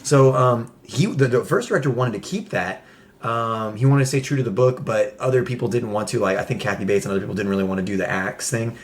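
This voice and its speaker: A young man co-hosting a podcast in casual chat, excitable, swearing often and restarting his sentences. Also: mid-range voice, quick pace. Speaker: podcast co-host.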